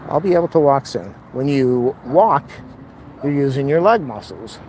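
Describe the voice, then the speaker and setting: With lively intonation and a darkish mid-range voice at a moderate pace, the man walks through streets and lawns delivering a casual, rambling, blunt vlog monologue to a camera in his hand. The low-quality recording has a little hiss or hum.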